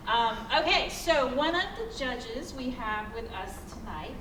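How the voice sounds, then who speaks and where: A woman's voice: a little high, lively intonation, unhurried, few pauses. A woman emceeing a school storytelling event, friendly and chatty, with many ums. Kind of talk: introducing storytellers. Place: school auditorium. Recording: roomy hall, mic far off, faint hum.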